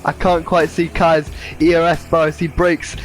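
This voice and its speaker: A man commentating a sim racing event with excited play-by-play, saying he is losing his voice. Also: a little high, moderate pace, soft background music. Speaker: race commentator.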